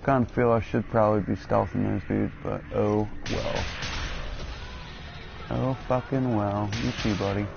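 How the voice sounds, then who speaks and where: A man's voice: on the low side, steady tone, unhurried, vocal fry, highs cut off, over music. A man giving jokey, rambling commentary while playing a video game, cursing often and drifting into absurd tangents. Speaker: let's play gamer.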